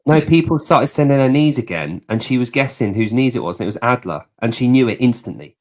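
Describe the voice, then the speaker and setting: A man's voice: medium pitch, animated, fast talker, a little mellow. A man from southeast England with an English accent, hosting a casual podcast chat, laughing easily and swearing now and then. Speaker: podcast host.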